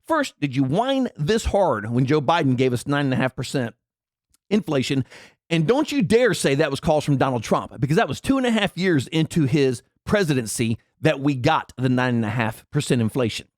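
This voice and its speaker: A man's voice: on the high side, big pitch swings, normal speed, no echo, clean studio sound. A man, ranting sarcastically and indignantly in political commentary. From Tennessee. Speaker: commentary vlogger.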